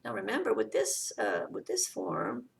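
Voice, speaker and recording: A woman's voice: medium pitch, huge pitch swings, normal speed, creaky, far from the mic. A woman teaching a Spanish grammar lesson, explaining step by step and often checking in with "okay".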